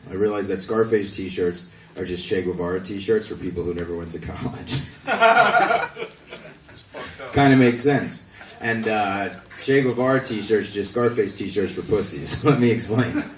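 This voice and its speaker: A young stand-up comedian with a fairly low voice performs a rambling, self-deprecating, swear-filled set at a small comedy venue. It was captured from the audience on a phone camera, so the distant recording sounds echoey and carries a little hiss or hum.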